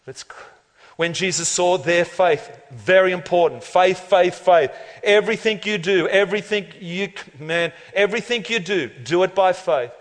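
High-voiced pastor in a big hall. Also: male voice, moderate pace. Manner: animated, joking, laughs often, builds to shouted climaxes. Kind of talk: lively sermon. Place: church auditorium. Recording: long reverb of a large hall.

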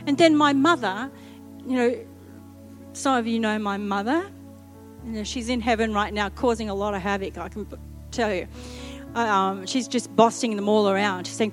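A woman's voice: fairly high pitch, moderate pace, faint music behind. A middle-aged woman, telling a humorous story in a sermon and acting out the quotes. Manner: lively, humorous, acts out quotes. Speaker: preacher.

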